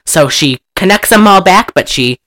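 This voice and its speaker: A man casually retelling an old film, animated and profane, laughing often and acting out the characters' lines. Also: sits high, moderate pace. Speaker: movie recapper.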